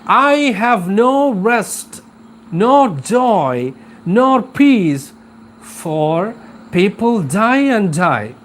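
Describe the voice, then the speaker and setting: Man reading as a worn-out male priest, lamenting, high and loud. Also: sing-song, extremely slow, full character voice. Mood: distressed lament. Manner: pleading and lamenting, raised voice. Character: weary, exasperated male parish priest.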